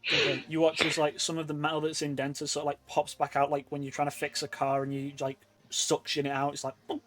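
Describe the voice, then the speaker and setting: A man's voice: fairly high pitch, monotone, brisk, a bit bright. A man narrating as game master over a voice call from his room, in a loose, rambling way full of fillers. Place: his own room at home. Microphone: computer mic on a voice call.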